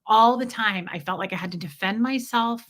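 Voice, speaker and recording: A woman's voice: mid-range voice, fairly quick, a bit bright. A woman hosting a livestream, telling personal stories bluntly and reading viewer comments aloud. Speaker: livestream host. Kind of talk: casual livestream storytelling.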